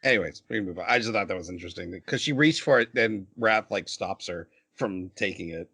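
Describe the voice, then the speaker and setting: A man's voice: sits low, a little fast, bright, forceful tone, breathy edge. A man co-hosting a podcast, offering hesitant, musing remarks in casual chat. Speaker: podcast co-host. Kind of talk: casual anime discussion chat.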